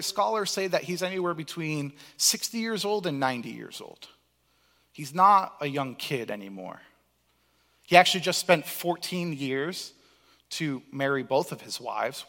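Young male preacher, animated storyteller, bright tense voice, fairly high pitch. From Cape Cod, Massachusetts. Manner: animated storytelling, acting out quoted lines. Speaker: pastor. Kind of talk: sermon. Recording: long hall reverb.

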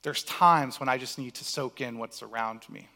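A young man from Cape Cod preaching a sermon as pastor, telling lively stories and acting out the lines he quotes. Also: mid-range voice, moderate pace, creaky. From Cape Cod, Massachusetts. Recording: long hall reverb.

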